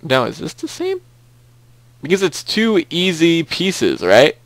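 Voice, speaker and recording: A man's voice: on the high side, wildly swooping pitch, slow pace, no room sound. A young man hosting a casual game commentary, chatty and rambling, often repeating himself. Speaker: let's play host.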